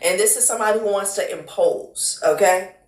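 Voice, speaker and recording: A woman's voice: medium pitch, brisk, noisy background. A woman doing a casual tarot reading, blunt and profane, who calls the listener honey and child. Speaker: tarot card reader. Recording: echoey room.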